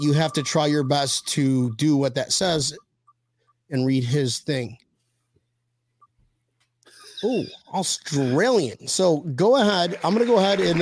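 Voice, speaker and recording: Brief: male podcast host, voice a bit high, dry close sound, loose rambling delivery on a video call. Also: no echo. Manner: rambling, repeats "go ahead". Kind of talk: casual chat.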